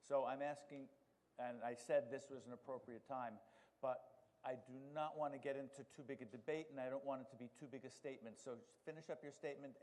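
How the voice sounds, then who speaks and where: A man's voice: medium pitch, a little mellow. A man moderating a town meeting, calling speakers and firmly keeping the discussion on procedure. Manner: procedural, firm, slightly halting with fillers. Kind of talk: chairing a public meeting. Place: large meeting hall. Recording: long hall reverb.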